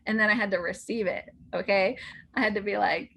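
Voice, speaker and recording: A woman's voice: medium pitch, steady tone, a little fast, creaky, bright, forceful tone, husky. A woman speaking as a podcast guest, upbeat and affirming in casual conversation. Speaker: podcast guest, salon owner.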